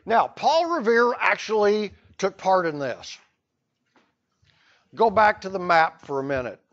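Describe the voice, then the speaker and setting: A man's voice: sits high, expressive, a little slow, fairly bright tone, dull audio. A man teaching a history lesson to a class, telling the story with playful asides. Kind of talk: classroom lecture.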